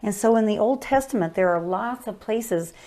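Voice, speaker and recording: A woman's voice: medium pitch, normal speed, dark tone. An older woman co-teaching a marriage course, explaining in an earnest way.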